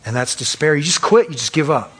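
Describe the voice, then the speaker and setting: A man preaching a sermon as pastor, acting out quick voices of the accuser and of self-righteous churchgoers. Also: a little high, slightly rough. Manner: acts out voices of Satan and churchgoers, animated.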